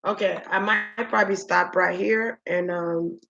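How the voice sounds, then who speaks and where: A woman's voice: fairly low pitch, fairly even intonation, gravelly, a bit bright, highs cut off, faint music behind. A woman giving a casual spoken spiritual reading. She muses aloud, drawing out her words and talking straight to the spirits. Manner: musing, drawn-out, talks to the spirits directly. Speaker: spiritual reader.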